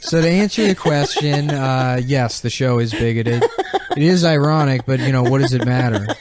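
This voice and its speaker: A man's voice: medium pitch, normal speed, darkish tone. A man co-hosting a comedy podcast, riffing in crude, sardonic banter. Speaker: podcast co-host.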